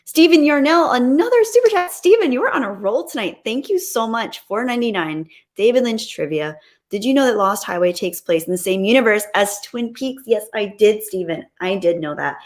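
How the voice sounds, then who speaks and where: A woman's voice: mid-range voice, lively intonation, normal speed. A woman hosting a live stream, chatting casually and reading out viewer messages, gushing with thanks and giggling often.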